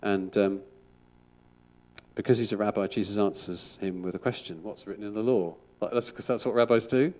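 A man's voice: on the low side, moderate pace, a little mellow. A middle-aged man, a school chaplain, giving an informal sermon in a chatty, rambling way with frequent restarts.

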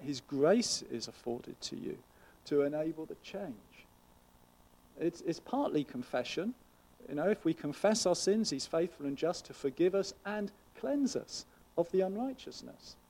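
A man delivers a sermon in an earnest, conversational way, often turning to the listeners with rhetorical questions. His voice sits a little high, yet it sounds warm and mellow rather than bright. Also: big pitch swings, moderate pace, creaky. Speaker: pastor.

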